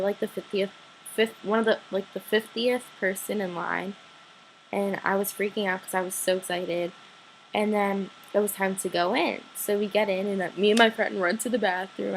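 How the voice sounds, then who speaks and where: A teenage girl, gushing breathlessly about meeting her idol, full of likes and sudden excited squeals. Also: a little hiss or hum, poor audio. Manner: breathless gushing with many likes, jumps high when excited. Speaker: fan telling a story. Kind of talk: excited personal vlog storytelling.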